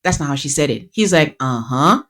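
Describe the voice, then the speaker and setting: A woman hosting a podcast, recapping casually in a lively way, acting out quotes and laughing often. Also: low-pitched, a little fast. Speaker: podcast host.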